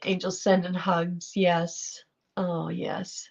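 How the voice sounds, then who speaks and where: Slow-talking woman with a gravelly voice. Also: lowish voice, level tone, darkish tone. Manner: chatty, affectionate, reacts to viewer comments. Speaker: livestream host reading chat. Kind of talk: casual livestream chat. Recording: dull lo-fi livestream audio.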